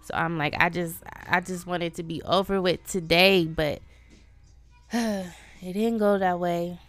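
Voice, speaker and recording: A woman's voice: fairly low pitch, steady tone, a little slow, faint music behind. A woman hosting her own podcast, venting in a casual, profane, self-deprecating way. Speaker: podcast host. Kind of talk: casual solo podcast monologue.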